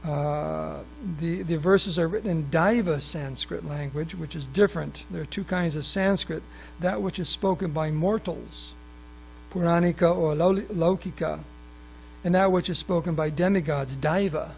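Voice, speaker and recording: Gravelly man teaching a scripture class. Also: on the high side, moderate pace, darkish tone, a little hiss or hum, poor audio. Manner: reads passages aloud, then adds asides and questions to the audience; frequent restarts and fillers. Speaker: class speaker at a temple. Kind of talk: scripture class reading and explaining. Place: temple hall.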